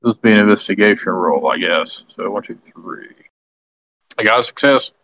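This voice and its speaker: A man's voice: fairly low pitch, lively intonation, moderate pace, a bit bright, lo-fi sound. A man playing a tabletop role-playing game, chatting casually and thinking aloud as he describes his character's actions. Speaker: player.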